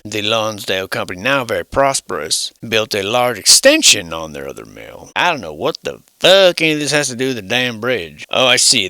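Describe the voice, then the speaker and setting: A man hosting a sardonic, profane commentary on old building survey documents, swinging between mock-grand pronouncements and hushed musing. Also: medium pitch, dry recording. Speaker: host.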